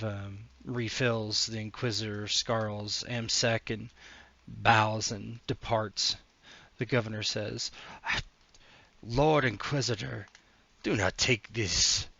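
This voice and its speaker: A man's voice: lowish voice, gravelly, bright, forceful tone, dry recording, highs cut off. A man running a tabletop role-playing game, narrating loosely with many fillers. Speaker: game master.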